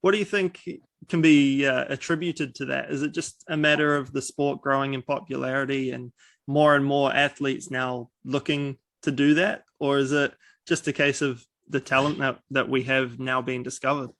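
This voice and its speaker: A man asks interview questions, hesitating and filling the pauses with "uh." His voice is gravelly and stays flat in pitch. The sound is dry and close, with no room echo. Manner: hesitant, lots of filler "uh". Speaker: sports show host.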